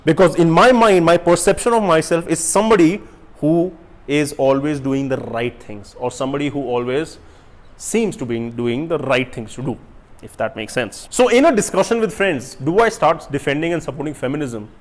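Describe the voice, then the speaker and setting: A young man giving a casual motivational talk to camera, asking rhetorical questions and swinging from loud bursts to quiet asides. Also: on the high side, animated, moderate pace. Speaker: self-help YouTuber.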